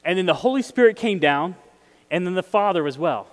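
A man's voice: sits high, animated, a little fast. A man preaching a casual sermon, conversational and chuckling, putting questions to his listeners. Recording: hall with long reverb.

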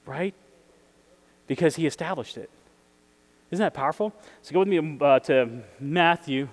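A man's voice: a little high, moderate pace. A man preaching a casual sermon, conversational and chuckling, putting questions to his listeners. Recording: hall with long reverb.

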